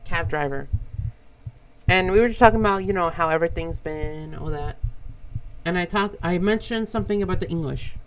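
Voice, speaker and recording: A man's voice: high voice, low-quality recording. A young man from Brazil whose first language is Portuguese, a streamer telling a casual story with lots of swearing. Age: young adult. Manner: animated, swears a lot. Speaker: vtuber streamer.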